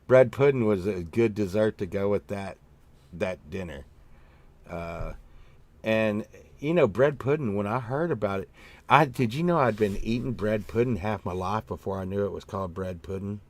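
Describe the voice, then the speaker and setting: A man with a fairly low voice and moderate pace hosts a casual show of rambling chat, telling meandering stories full of fillers and the odd swear word. He acts out his own past remarks in a raised voice.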